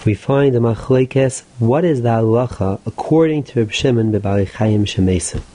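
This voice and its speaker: Rabbi giving a steady Talmud lecture. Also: male voice, medium pitch, moderate pace, slight background noise. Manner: explanatory, steady lecturing with rising emphasis on key points.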